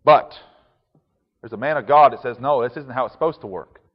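A man's voice: medium pitch, fairly quick, lo-fi sound. Man preaching in a reverberant hall. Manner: conversational, chuckling asides. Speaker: pastor. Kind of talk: sermon.

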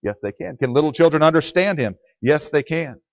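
A man's voice: fairly high pitch, lively intonation, a little fast, no room sound. A man preaching a conversational sermon as a pastor in a church, speaking plainly and answering the questions he puts to the congregation. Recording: dry, dull lo-fi sound.

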